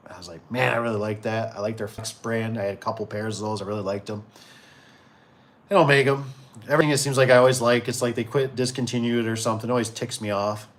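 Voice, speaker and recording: A man in his forties talks quickly in a fairly low, steady voice while hosting an informal livestream for his door and gate business. Reading viewer comments aloud, he rambles easily and often restarts or fills gaps with fillers.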